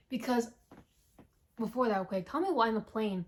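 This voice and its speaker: A woman with a somewhat high voice recaps a movie in a loose, chatty way. She swears freely and jumps into characters' lines with lively emphasis. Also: moderate pace. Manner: animated, profane storytelling, acting out characters' lines.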